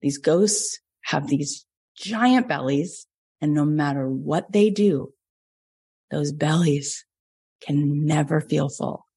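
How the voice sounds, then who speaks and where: A woman in her forties from Florida, a business coach telling personal stories in a lively podcast talk. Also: takes it slowly, breathy edge. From Florida, USA. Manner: lively storytelling, jumps up in pitch for quoted dialogue.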